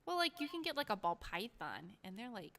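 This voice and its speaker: A woman's voice: a little high, big pitch swings, a little fast, bright, forceful tone. Giggly woman playing a tabletop game. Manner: giggly and chatty. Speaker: player. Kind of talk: casual chat and tabletop roleplay.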